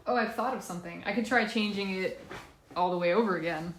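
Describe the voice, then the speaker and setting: A woman's voice: mid-range voice, fast talker, echoey room, very noisy. A woman chatting casually on a live stream from a laundry room, a bit congested and sniffly, nervous and self-deprecating.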